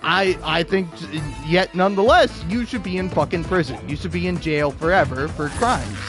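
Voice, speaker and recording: Hoarse, ranting man, higher-pitched voice. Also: normal speed, music in the background. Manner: profane, ranting, heated. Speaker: gaming YouTuber. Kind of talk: angry gameplay rant.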